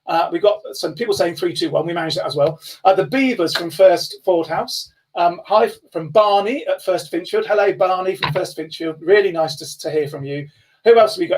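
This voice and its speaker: A man's voice: high voice, slight background noise. A man on a video call, enthusiastically reading out names as a guest speaker. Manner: enthusiastic, reads out names in quick bursts. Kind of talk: upbeat live-stream shout-outs. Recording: distant, thin video-call audio.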